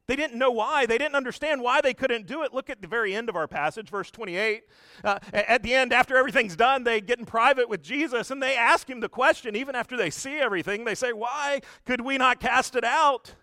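A man preaching a sermon in a chatty, animated storytelling way, speaking straight to the congregation. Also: very high-pitched, a little fast, dry recording, clean studio sound. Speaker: pastor.

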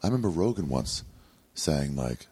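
A man's voice: a bass voice, very animated, normal speed, darkish tone, slightly rough. A man chatting casually as a podcast guest in a rented house, rambling through stories and mimicking the people he quotes. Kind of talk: casual chat.

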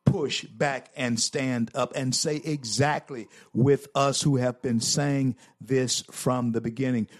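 Slow, fervent male talk host. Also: mid-range voice, steady tone, no echo, clean studio sound. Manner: fervent, preaching, repeats phrases for emphasis. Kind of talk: political commentary.

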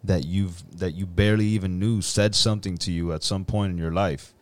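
A man in casual chat, musing in a philosophical way with drawn-out phrases and many fillers. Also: deep voice, steady tone, no echo.

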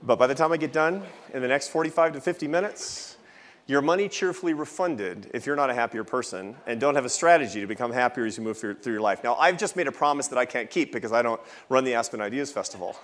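A man's voice: medium pitch, fast talker. A man in his fifties giving a lecture at a festival, telling a personal story with jokey asides. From United States. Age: 50s.

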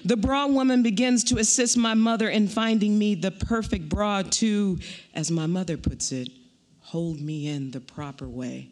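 A woman poet reading her own poem aloud at a live event, with a wry, rhythmic delivery and pointed pauses. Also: medium pitch, darkish tone.

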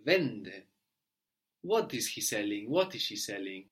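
A man teaching a language lesson, patiently prompting his student and spelling words out letter by letter, often checking with a quick "no?". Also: fairly low pitch, sing-song, fairly bright tone.

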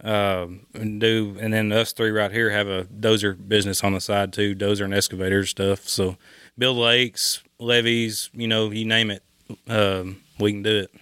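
A man's voice: lowish voice, flat delivery, normal speed, a bit bright, clear, resonant tone, no room sound, studio quality. A man in his thirties from Texas, a farmer guest speaking politely and plainly in a casual interview. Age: 30s. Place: hunting camp.

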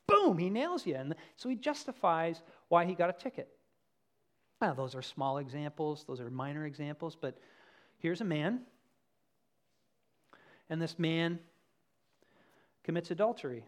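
Pastor, sermon, animated storyteller, mid pitch, loud and soft swings. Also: measured pace, pauses often.

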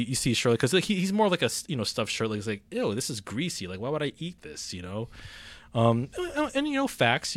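A man in a casual movie-review chat, rambling and full of restarts and fillers. His pitch sits in the middle range. The sound is dry and close. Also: dry recording.

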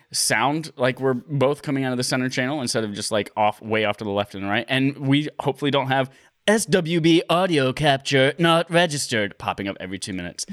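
A man hosting a casual podcast from his living room, excitable and laughing often, swearing casually as he chats. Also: mid-range voice. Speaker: podcast host. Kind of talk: casual chat.

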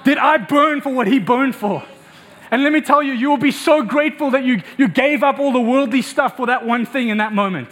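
A man's voice: extremely high pitch, fairly quick. A young man from South Africa preaching a sermon, telling stories animatedly and acting out quotes. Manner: animated storytelling with acted quotes.

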